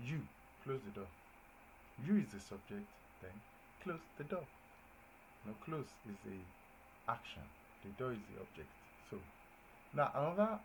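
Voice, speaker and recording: A male teacher gives a classroom-style grammar lesson at medium pitch, stressing examples with lively emphasis and checking that listeners follow. The audio is poor, with a faint hiss behind his voice.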